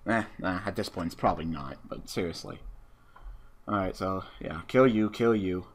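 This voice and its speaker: A low-pitched man speaks at normal speed over a slight hiss or hum, giving offhand live commentary on an online card game he's playing. Excitable and profane, he keeps addressing his opponent.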